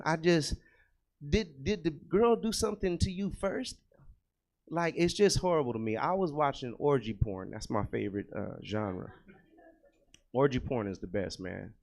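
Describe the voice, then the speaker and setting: A man doing a crude stand-up comedy set in a comedy club, talking straight to the crowd and swinging between loud bursts and low muttered asides. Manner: crude, conversational, talks to the crowd.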